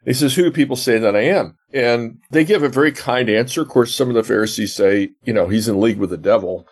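Speaking quickly at a medium pitch, a man explains a gospel passage like a teacher while responding to interview questions. He is a professor of biblical theology, earnest in manner, and he retells scenes by quoting the dialogue.

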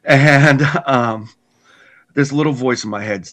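A man earnestly telling his personal story in conversation, halting with restarts and repeats. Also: mid-range voice, a bit bright. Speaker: guest telling his testimony.

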